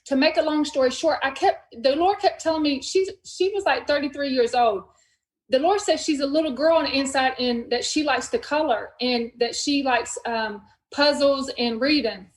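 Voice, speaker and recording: A woman's voice: high-pitched, normal speed, echoey room, low-quality recording. A woman hosting a podcast, telling a story in casual conversation and acting out the dialogue as she goes. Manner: animated retelling, acts out dialogue in quotes. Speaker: podcast host.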